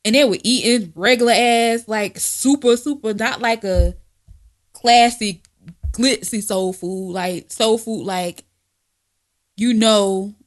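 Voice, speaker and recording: A woman in her twenties co-hosting a podcast, telling loud, profane stories full of mocking impressions. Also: a little high, slow pace. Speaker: podcast co-host. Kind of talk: casual chat.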